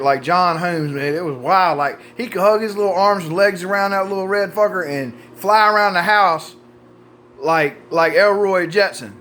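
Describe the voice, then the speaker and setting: A man's voice: a little high, a bit bright, slight background noise. A man, telling a story in a casual, profane, folksy way. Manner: folksy, profane, drawling with repeated "buddy" and "man".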